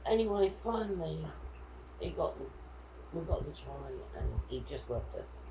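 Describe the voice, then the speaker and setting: A woman vlogger with a deep, mellow voice and lively intonation tells a travel story at a moderate pace in a casual chat. She retells it in a chatty, indignant way, quoting what people said. The audio is poor, with slight background noise.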